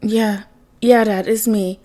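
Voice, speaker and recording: A woman's voice: mid-range voice, steady tone, takes it slowly, dark tone, close to an everyday voice. A woman voicing a grieving young man who pleads through tears and turns vengeful, read in an audiobook-style fan reading. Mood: tearful pleading. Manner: tearful, pleading, then raging.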